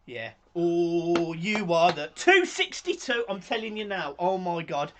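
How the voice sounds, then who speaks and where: A man with a high voice, co-hosting a live football stream. He talks bluntly and swears freely in casual banter. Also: big pitch swings, a little slow, a bit bright, a little hiss or hum. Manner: blunt and swearing, scolds chat then gushes. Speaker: co-host of a football watch-along stream.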